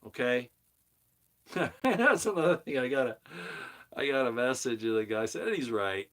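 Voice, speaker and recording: A middle-aged man in full rant on his own channel, his voice at an ordinary male pitch. He preaches and repeats himself for emphasis, building heat as he hammers each point home. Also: animated, normal speed, a bit bright. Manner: heated, preachy, emphatic repetition. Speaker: commentary channel host. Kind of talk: opinionated monologue.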